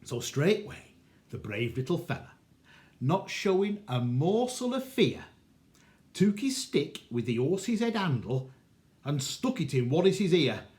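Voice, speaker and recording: A man, a librarian, reciting a comic rhymed monologue in a measured, theatrical storytelling manner. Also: fairly high pitch, very animated, darkish tone.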